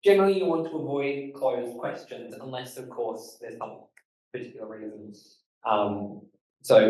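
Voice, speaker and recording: An Australian man gives a loose, quick instructional talk, leaning on key words and stumbling through fillers. He stands back from the mic, and the room rings with heavy echo. His pitch sits in an ordinary middle range. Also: expressive, darkish tone. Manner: fast-talking, emphatic, loose with fillers. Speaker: podcast host giving a talk. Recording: echoey room, voice from far off.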